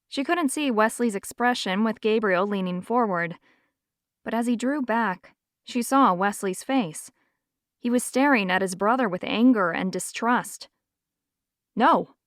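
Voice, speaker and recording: A woman narrating an audiobook in a measured, even storytelling manner. Her voice sits in a middle range. The recording is close and dry, with no room echo. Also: mid-range voice.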